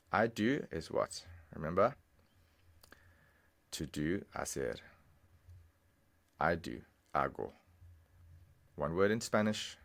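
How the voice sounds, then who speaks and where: In a screen-recorded language lesson, a man walks through the material step by step, patiently explaining and saying phrases again slowly. He has a deep voice with vocal fry.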